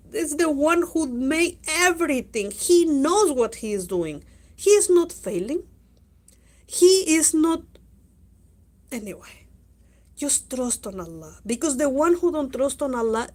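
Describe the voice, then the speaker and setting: Slow, high-voiced woman with a Spanish accent. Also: darkish tone. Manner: earnest, repetitive, emotional, with non-native grammar. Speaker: Islamic teacher. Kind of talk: heartfelt religious talk.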